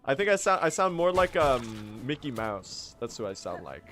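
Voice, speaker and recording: Hoarse, lively young male streamer. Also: medium pitch, normal speed, soft background music. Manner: laughs often, bursts into loud exclamations. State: hoarse from losing his voice. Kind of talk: casual live-stream chat over gameplay.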